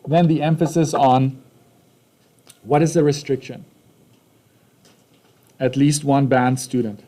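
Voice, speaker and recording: Mellow-voiced male math teacher. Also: mid-range voice, fairly even intonation, takes it slowly. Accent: Canadian. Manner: casual, checks in with "right?" and "okay?". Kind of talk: recorded math lesson.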